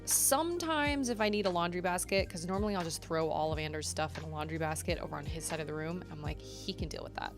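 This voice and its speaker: A woman's voice: deep voice, fast, few pauses, over music. A woman in her thirties chatting casually to her viewers at home, rambling and laughing often. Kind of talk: casual chat. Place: home bedroom.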